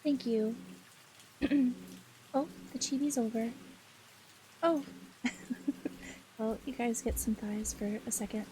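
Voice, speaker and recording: A woman streamer talks to her viewers in a soft, affectionate and giggly way, reading their messages aloud. Her voice sits a little high. Steady rain is clearly audible behind her. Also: slow, pauses often, background noise.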